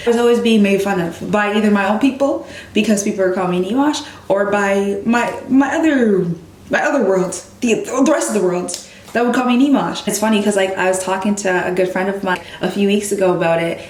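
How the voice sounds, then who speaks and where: A young woman tells stories to her channel in a relaxed, lively way and acts out other people's lines. Her voice sits in an ordinary middle range. The recording carries a noticeable room echo. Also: mid-range voice, fairly quick. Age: young adult. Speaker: vlogger. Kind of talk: casual storytelling to camera. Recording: echoey room.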